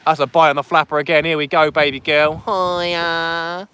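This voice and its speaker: A man's voice: on the high side, level tone, fast, bright, forceful tone, smooth. A man chatting casually on a fishing livestream outdoors on a beach at night, reading out viewer comments as he goes.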